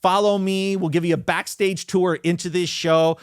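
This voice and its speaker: Excitable male podcast host, teasing and joking, slightly high voice, dry close sound. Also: moderate pace, clean tone, no echo. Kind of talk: casual chat.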